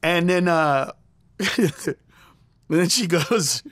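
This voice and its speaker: Middle-aged male comedian as guest, animated storyteller, high and expressive, close dry studio mic. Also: drawn-out words, no echo. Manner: acts out quoted lines in a raised voice.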